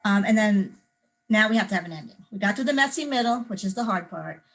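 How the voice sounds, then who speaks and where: A middle-aged children's author leads a young writers' workshop, teaching kids creative writing by lively acting out scenes with sound effects and screams to show how to add detail. Her mid-range voice is fast, and the poor audio carries a little hiss or hum.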